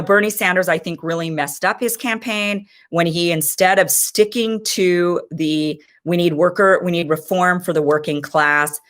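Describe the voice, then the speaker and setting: A woman's voice: low voice, a bit bright. A woman in her thirties giving impassioned, frustrated political commentary as host of her own show.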